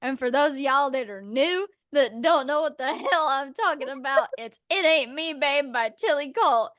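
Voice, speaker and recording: A young woman co-hosting a podcast, ranting in a blunt, profane, animated casual chat. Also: high voice, normal speed, no echo. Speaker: podcast co-host.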